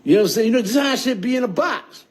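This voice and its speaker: A man with a high voice for a man rambles through a story on a livestream. He swears freely and keeps asking if you heard him. The sound comes through a phone mic. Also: rapid-fire. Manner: profane, streetwise, keeps checking in with "you heard?".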